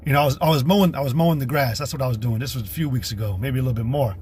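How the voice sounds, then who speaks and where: A man's voice: mid-range voice, rapid-fire, a little mellow, slight background noise. A man from the United States preaching on a livestream, alternating blunt, profane ranting with reading scripture aloud. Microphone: streaming setup.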